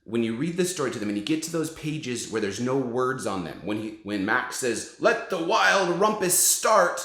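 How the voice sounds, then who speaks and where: A man's voice: fairly low pitch, a bit bright, roomy sound. A man in his forties, a father, eagerly recommending children's books to camera. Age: 40s. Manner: enthusiastic, encouraging. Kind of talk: casual book recommendations to camera.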